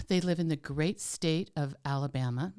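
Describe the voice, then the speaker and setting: A deep, smooth female voice, unhurried in delivery, belongs to a woman co-hosting a podcast. She keeps the casual chat warm and playful, filling it with "like" and "um".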